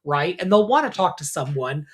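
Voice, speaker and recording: A middle-aged man, a rabbi co-hosting a podcast, telling stories in an animated, casual way with lots of fillers and asides. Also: a little high, moderate pace, husky. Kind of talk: casual conversation.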